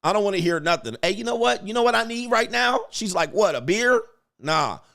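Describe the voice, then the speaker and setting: A man's voice: sits high, quick pace, vocal fry, sharp tone. A man hosting a show, ranting in a crude, boastful, swaggering way in casual talk. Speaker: show host. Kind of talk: casual livestream rant.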